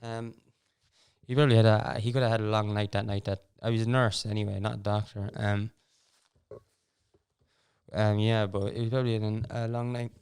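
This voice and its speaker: A young Irish man with a lowish, smooth and resonant voice chats casually as a podcast host. He rambles through his stories, keeps breaking off to restart, and drops in wry little asides. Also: level tone, normal speed, long pauses, darkish tone. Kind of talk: casual storytelling chat.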